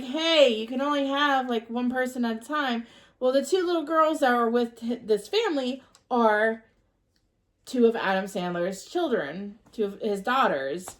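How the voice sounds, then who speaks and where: A woman co-hosting a casual podcast, retelling a movie plot scene by scene. She talks slowly and halts often with ums and restarts. Her voice sits a little high. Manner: rambling and halting, full of ums. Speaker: podcast co-host. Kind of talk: casual chat recapping a movie.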